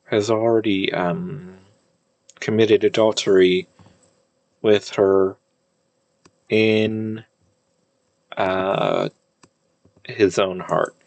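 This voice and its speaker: A man teaching an old language, thinking aloud, with many fillers and restarts and slow word-by-word reading. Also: low-pitched, expressive, vocal fry, no echo. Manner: reads old-language text slowly, word by word. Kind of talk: casual screen-share lesson.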